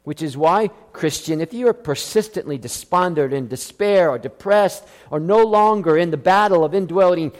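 A man's voice: on the high side, moderate pace, few pauses, big-room sound. A man preaching a sermon as a pastor, emphatic, with many rhetorical questions.

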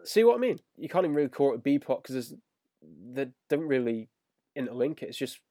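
A man's voice: medium pitch, big pitch swings, fast talker, mellow, no room sound, clean studio sound. A man co-hosting a podcast, casually and grumpily picking apart a cartoon episode. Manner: grumbling, exasperated critique. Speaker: podcast co-host. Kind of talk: casual episode review chat.

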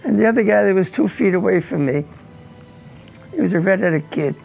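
A man in his nineties, a war veteran, recounting his own memories in a halting way, repeating words as his voice breaks with emotion. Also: high voice, creaky, darkish tone, soft background music, poor audio. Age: 90s.

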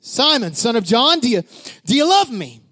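Brief: gentle, calm Jesus, put on by a high-voiced male preacher, questioning. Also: normal speed, dry recording, studio quality. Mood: insistent. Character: the risen Jesus, a calm, gentle grown man.

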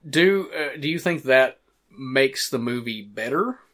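A man's voice: medium pitch, animated, measured pace, a bit bright. A man hosting a casual movie commentary podcast, rambling through his points with restarts, fillers and the odd swear word. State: hiccups. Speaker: podcast host.

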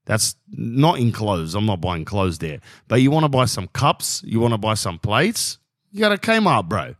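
A man's voice: on the low side, no room sound, studio quality. An Australian man in his thirties hosting a casual solo podcast, rambling and joking and calling the listener "bro". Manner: rambling, jokey, keeps saying "bro". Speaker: podcast host.

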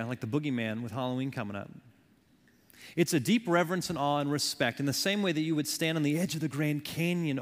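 Pastor guy preaching, voice sits kinda high, gets loud then goes quiet, big echoey church sound. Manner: impassioned preaching, swells loud then drops soft. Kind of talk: sermon. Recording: long hall reverb.

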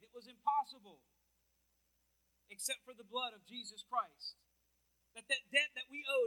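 A man's voice: very high voice, pushed and bright, rough recording. A man preaching a sermon in a church, speaking emphatically and repeating words as he walks about and calls out to his listeners.

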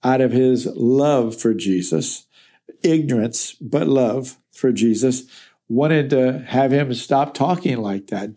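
A man with a mellow, warm voice leads a Bible study. He reads a passage aloud and then explains it in a plain, earnest way. His voice sits at an ordinary pitch for a man. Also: lively intonation, slow. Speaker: Bible teacher. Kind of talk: verse-by-verse Bible teaching.

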